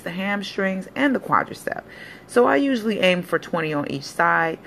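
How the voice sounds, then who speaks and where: A woman with a low, deep-set voice talks through leg exercises as a personal trainer, upbeat and encouraging. Her delivery is casual and chatty, and faint background noise sits under the voice. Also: creaky. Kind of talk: casual fitness vlog with exercise instruction.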